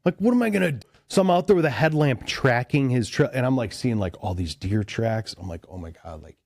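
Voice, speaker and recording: Here a man from Chicago, USA, guests on a podcast, rambling through a lengthy casual story packed with "like" and "dude." His voice is mid-range and darkish, and he talks briskly. The recording is dry.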